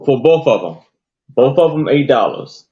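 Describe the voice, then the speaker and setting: A man's voice: medium pitch, animated, moderate pace, lo-fi sound. A man presenting vintage items on a live online sale, describing them in a plain, hesitant way. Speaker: seller on live sale stream. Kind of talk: casual product description.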